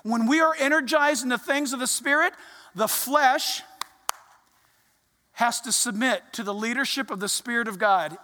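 A pastor preaching a conversational sermon in a church, acting out little quotes as the story goes. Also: medium pitch. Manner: animated, conversational, acts out quotes. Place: church sanctuary. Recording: reverberant church hall.

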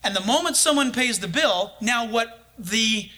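Male preacher, high-pitched and forceful, lively anecdotal storyteller. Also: a little slow. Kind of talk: storytelling in a sermon.

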